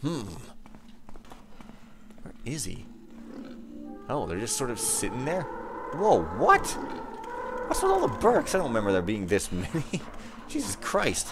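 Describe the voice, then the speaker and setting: A man's voice: medium pitch, huge pitch swings, measured pace, pauses often, music in the background. A young man giving casual gameplay commentary, ranting and easily frustrated, with outbursts and musing. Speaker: let's play gamer.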